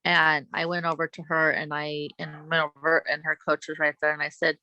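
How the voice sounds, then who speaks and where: A woman guest, a Special Olympics athlete, telling her stories in an earnest, halting way with many restarts. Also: low voice, flat delivery, bright, forceful tone, no room sound, poor audio. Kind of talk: conversational interview storytelling.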